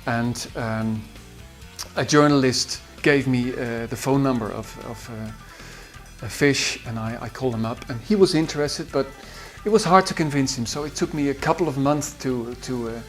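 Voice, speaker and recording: A man with a Dutch accent, a musician recalling studio sessions in a halting way with many fillers. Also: medium pitch, faint music behind. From Netherlands. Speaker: musician and producer. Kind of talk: behind-the-scenes recollection.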